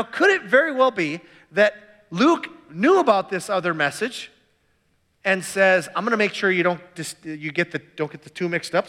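A man's voice: high voice, a bit bright, big-room sound. A man preaching a sermon as pastor, reading scripture aloud and then explaining it casually, with restarts and asides.

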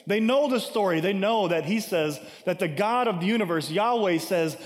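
A man with a fairly high voice delivers a sermon in a relaxed, conversational way, often asking "right?" and punching key lines with emphasis. His voice rings out with a long reverb, as if in a large hall. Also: normal speed. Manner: conversational preaching with frequent "right?" asides; emphatic, acts out scripture quotes. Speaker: pastor.

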